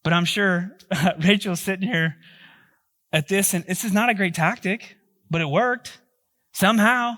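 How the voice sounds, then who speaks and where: A man's voice: sits high, a little slow, pushed and bright. A male pastor giving a sermon, telling a story in a joking, conversational way.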